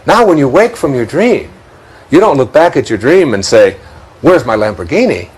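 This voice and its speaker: A man's voice: medium pitch, sing-song, moderate pace, a little mellow, breathy edge, rough recording. A man with a Detroit accent, speaking as a guest in a reflective spiritual interview, musing aloud, chuckling often and repeating words as he thinks.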